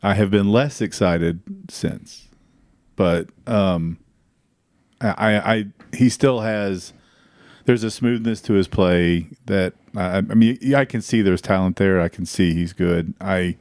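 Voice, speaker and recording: Male guest, low voice, halting delivery, dry sound. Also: a little mellow, dry recording. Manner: hesitant, halting. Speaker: podcast guest. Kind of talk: casual chat.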